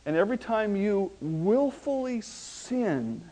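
A male pastor preaching a sermon, slowing down to stress key words and swinging between hushed asides and loud, rising emphasis. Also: high voice, very animated, low-quality recording. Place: church.

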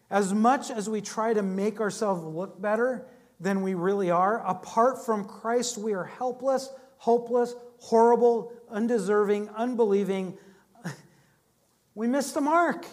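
Male pastor, higher voice, sermon delivery, chatty storytelling with loud and soft swings. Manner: conversational storytelling, dynamic swings in loudness.

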